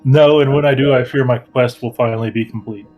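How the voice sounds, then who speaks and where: A man's voice: mid-range voice, fairly even intonation, brisk, darkish tone, soft background music, close to an everyday voice. A man voicing a grim, bereaved vampire hunter in a tabletop game, talking in a solemn, dry, fatalistic way.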